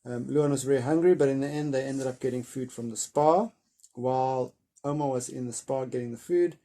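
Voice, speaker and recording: A man with a low, gravelly, mellow voice reads a storybook chapter aloud. Afterward he retells it in a loose, unscripted way, pausing often to find his words. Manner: hesitant summary with many filler pauses. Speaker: reader of a children's novel. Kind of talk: reading a book chapter aloud, then summarizing it informally.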